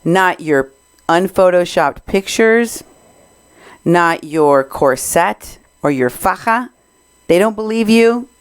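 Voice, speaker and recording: A woman's voice: lowish voice, animated, takes it slowly, clear, resonant tone, no room sound. A woman hosting a show, giving casual, mocking commentary on a clip she is playing. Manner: mocking, teasing. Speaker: show host.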